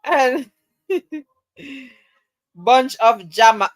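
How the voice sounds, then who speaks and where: A woman's voice: on the high side, slow pace, long pauses, no room sound, low-quality recording. A woman hosting a casual livestream, reading viewer comments aloud and teasing them, laughing often. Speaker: livestream host. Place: at home, camera off.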